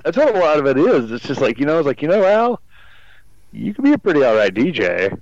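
A man's voice: fairly high pitch, very animated, fast, no echo, muffled recording. A man co-hosting a casual podcast, giggly and swearing casually. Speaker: podcast co-host.

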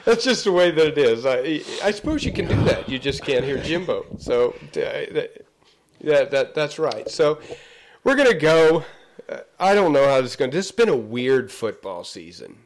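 Man, sports talk co-host, studio mic, rambling, laughs often, slightly high voice. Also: sing-song, moderate pace. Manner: rambling, laughing, trails off mid-sentence. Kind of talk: casual sports chat.

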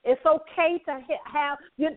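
A woman's voice: high voice, fairly even intonation, normal speed. A woman hosting a talk broadcast, effusive and repetitive, with preacher-like emphasis and frequent laughter. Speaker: talk show host. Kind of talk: enthusiastic broadcast outro. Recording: thin phone-like line.

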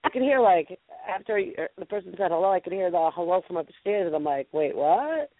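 A woman's voice: on the low side, fast talker, no echo. A woman hosting a call-in radio show, chatting in a bubbly, gushing way. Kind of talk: casual call-in chat. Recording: tinny phone-quality audio.

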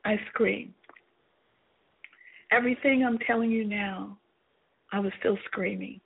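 A woman's voice: medium pitch, steady tone, unhurried, vocal fry, husky. A woman earnestly reading aloud from her own memoir, telling it with emotion. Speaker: author reading her book. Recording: tinny phone-like sound.

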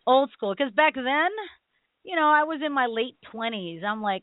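A middle-aged woman hosting a call-in radio show, telling stories in an animated way and laughing often. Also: high voice, moderate pace, dry recording. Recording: tinny phone-line sound.

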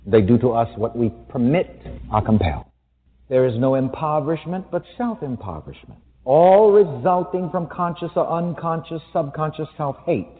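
A man's voice: on the high side, normal speed. A man preaching a sermon to an audience in a large hall, emphatic and wry, with a teasing edge. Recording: tinny phone-like sound with long hall reverb.

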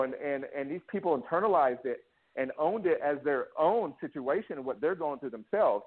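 A man whose voice sits on the high side tells a candid personal story during an interview, heard with phone-quality sound. He's emotional and restless, breaking off and restarting often and acting out the quotes.

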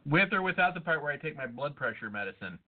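A high-pitched man co-hosting a casual podcast, ranting about everyday gripes with plenty of swearing. The sound is thin and tinny, like it came over a phone line. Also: very animated, fast. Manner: ranting and profane. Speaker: podcast co-host. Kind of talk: casual chat.

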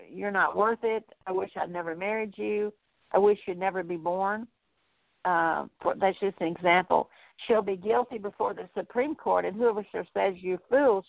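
A woman's voice: medium pitch, creaky, no room sound. Woman preaching over a phone-like line. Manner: reads verses aloud and explains them plainly, with small restarts. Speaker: Bible teacher. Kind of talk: scripture teaching sermon.

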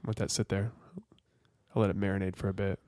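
A man's voice: low-pitched, level tone, quick pace, dark tone, dry recording, clean studio sound. A man co-hosting a casual podcast, rambling and cursing, with lots of restarts and fillers. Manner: rambling and profane, full of restarts and "like". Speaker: podcast co-host. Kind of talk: casual chat.

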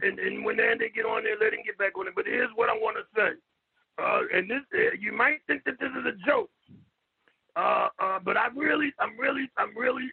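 Rambling high-voiced man on a phone line. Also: gravelly, breathy edge. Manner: profane, repetitive, stammering, shouts at times. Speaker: call-in guest. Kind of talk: loud rambling radio talk.

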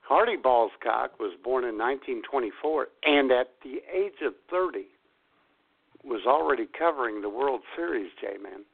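A man co-hosting a radio talk show, chatting casually with quick, expressive reactions. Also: mid-range voice, gravelly. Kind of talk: casual chat. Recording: tinny phone-like sound.

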